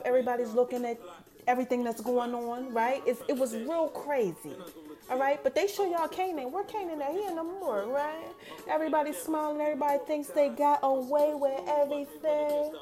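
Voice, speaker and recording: Animated high-voiced woman recapping a show. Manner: animated storytelling, quoting characters, addresses listeners as y'all. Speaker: podcast host. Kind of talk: casual TV episode recap.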